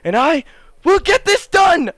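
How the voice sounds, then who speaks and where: A man voicing a nervous young male demon slayer officer who stammers and fakes courage in a high, cracking voice. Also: big pitch swings, unhurried, a bit bright, no room sound, full character voice. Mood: forced bravado.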